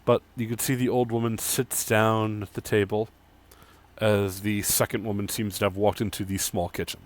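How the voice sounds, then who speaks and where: A man running a tabletop game, describing scenes in an unhurried, halting way with fillers. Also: lowish voice, level tone. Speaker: game master.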